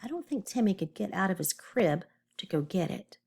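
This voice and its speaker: A woman teacher reads a story aloud to young children and stops to explain. Her pitch swings widely and expressively. Her tone is encouraging and clear. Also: lively intonation, normal speed, dark tone.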